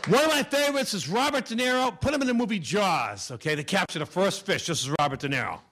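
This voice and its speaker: A male stand-up comedian tells punchy stories about his Italian-American family. His voice is high for a man and jumps all over the place as he builds each joke. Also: quick pace, slight background noise. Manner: animated, punchy storytelling.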